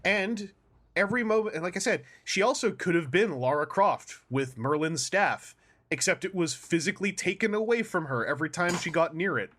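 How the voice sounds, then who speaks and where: A man's voice: high voice, a little fast, a bit bright. A man on a podcast panel, chatting casually and acting out quoted lines in exaggerated voices. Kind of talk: casual roundtable chat.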